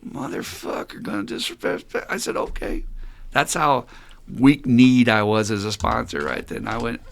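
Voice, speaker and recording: A man's voice: mid-range voice, measured pace, gravelly. A man hosting a podcast about recovery, speaking bluntly, swearing freely and telling stories from his time as a sponsor. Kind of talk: candid podcast conversation.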